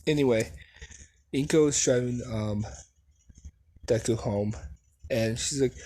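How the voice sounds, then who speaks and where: A man improvising and narrating a fan story, halting often with fillers and laughing at his own slips. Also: medium pitch, dark tone, rough recording. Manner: halting, full of fillers, self-deprecating.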